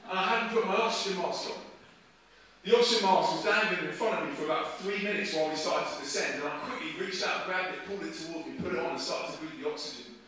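A man preaching, telling a story with lively energy and acting out the voices in it. His voice is bright and a touch high. It rings through a very echoey hall, picked up from a distance. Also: fast. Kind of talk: sermon storytelling.

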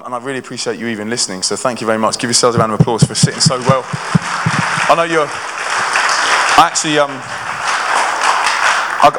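A young touring Christian band member speaks to a live congregation in a church hall with a mid-range voice. His testimony is energetic and conversational, full of restarts, and the big venue gives it long reverb.

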